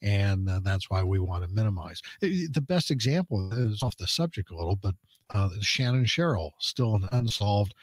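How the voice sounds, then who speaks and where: A man's voice: on the low side, animated, normal speed, no echo. A middle-aged man, a police public information officer, explaining a case earnestly as a radio interview guest, with many "uh" fillers.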